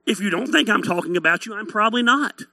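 Blunt, lively male pastor. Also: high voice, fast talker, no echo. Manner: blunt, teasing, animated preaching. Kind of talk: sermon.

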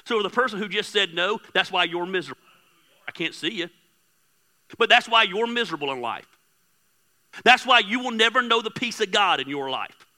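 A man preaching a sermon, candid and joking with his congregation, swinging between soft asides and loud emphatic bursts. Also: high voice, expressive, moderate pace, long pauses. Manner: candid, joking, talks straight to the crowd. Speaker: pastor. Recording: hall reverb.

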